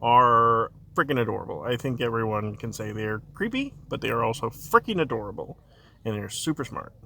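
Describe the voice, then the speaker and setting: A man's voice: medium pitch, animated, brisk, gravelly, bright, forceful tone, slight background noise. A man telling a funny childhood story in a casual, rambling way, laughing often and drifting off on tangents. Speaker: dad telling a family story.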